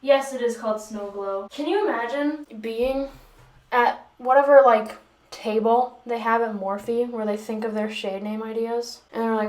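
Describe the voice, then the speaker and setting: Chatty girl doing a makeup tutorial, kinda high voice, echoey room, goofy rambling asides. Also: fairly even intonation, measured pace, darkish tone. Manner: rambling, self-mocking, joking asides. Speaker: beauty vlogger.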